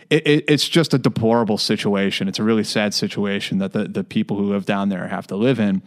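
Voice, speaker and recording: A man from the United States talking through a story in casual podcast chat, with frequent fillers and restarts. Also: on the low side. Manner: conversational, many fillers and restarts.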